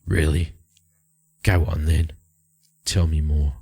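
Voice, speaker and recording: A man's voice: extremely low pitch, steady tone, slow, vocal fry, darkish tone, breathy edge, exaggerated voice. Man doing a curt, guarded shadowy vigilante.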